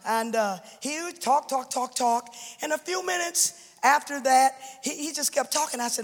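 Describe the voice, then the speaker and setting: A woman's voice: high voice, normal speed, few pauses. Woman, a pastor's widow, giving emotional church testimony into fervent preaching; long reverb from a big hall.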